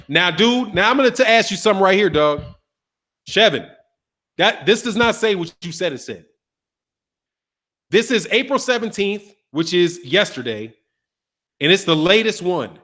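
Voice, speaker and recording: A man with a high-pitched voice hosts a boxing talk show, arguing a point to his viewers. He keeps repeating words and firing rhetorical questions in a loose, casual way, with some profanity and street slang. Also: animated, moderate pace, pauses often, a bit bright. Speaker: boxing channel host. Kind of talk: casual commentary to a live chat.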